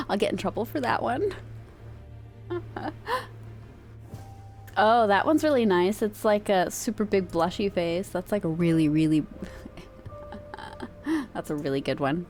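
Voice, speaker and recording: A woman's voice: medium pitch, expressive, takes it slowly, pauses often, a little mellow, faint music behind. A woman streamer chatting casually in a rambling way, laughing easily. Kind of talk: casual chat.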